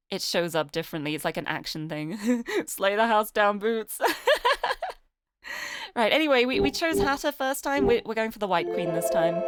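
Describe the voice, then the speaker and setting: A woman's voice: mid-range voice, no echo. Chatty British woman streamer. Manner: chatty, giggly, greets chat. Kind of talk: casual game streaming, reading a visual novel aloud.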